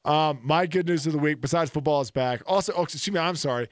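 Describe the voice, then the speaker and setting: Man, podcast co-host, casual sports chat, animated, dry recording. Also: on the high side, fast talker, dry recording. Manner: animated, does jokey voices in stories.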